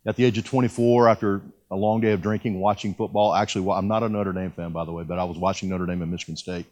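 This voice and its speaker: Folksy, low-voiced preacher man. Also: steady tone, fast, a little mellow. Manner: folksy, self-deprecating storytelling with many restarts. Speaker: pastor. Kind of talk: sermon with personal testimony.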